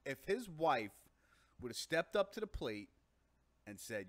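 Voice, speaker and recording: Brief: New York man, animated co-host banter, lively pitch, dry mic. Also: unhurried, dry recording. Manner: jokey, animated, swings between loud and quiet. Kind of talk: casual chat.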